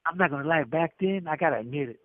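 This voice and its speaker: A middle-aged inmate on a prison telephone tells a rambling story fast, acting out the dialogue and restarting often. His voice is a little high, and the phone line sounds tinny and dry.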